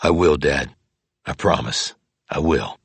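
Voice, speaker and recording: A terse male investigator with a very deep, husky voice, as a narrator does him. He speaks in short, grim lines, recorded dry and close. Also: slow pace, dry recording, heavily acted. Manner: terse, clipped. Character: tough, driven male investigator.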